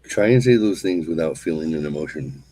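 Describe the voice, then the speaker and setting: Solo show host, male, husky and low, slow and soothing repetition between casual asides. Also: poor audio. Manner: calm, slow, repetitive chanting of phrases. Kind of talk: solo show, guided mantra and casual chat.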